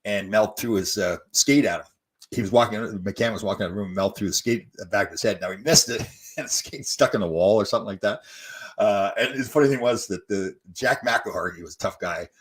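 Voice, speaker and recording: A man's voice: on the low side, a little fast, breathy edge. A man in his sixties hosting a casual live stream, reading viewer comments aloud and answering them with rambling stories. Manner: chatty, storytelling, reads out viewer comments. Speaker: host.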